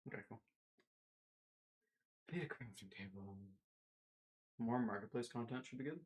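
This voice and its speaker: A man's voice: medium pitch, moderate pace, slightly rough. A man giving casual, rambling commentary while playing a building game, talking to himself and slipping into silly put-on voices.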